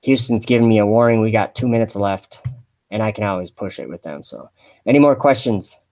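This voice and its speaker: A man chatting on a mock live stream in a deadpan, rambling way, full of fillers and restarts. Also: on the low side, fairly quick. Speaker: satirical livestreamer posing as an astronaut.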